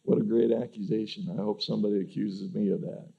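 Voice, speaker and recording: A male pastor preaches in a loose, conversational way, stumbling over and repeating his opening words. His voice is gravelly with a dark, mellow tone. The recording sounds dull and lo-fi. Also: fairly low pitch, little pitch movement, fast, hardly any pauses. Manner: conversational, repeats words when starting sentences. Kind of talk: sermon.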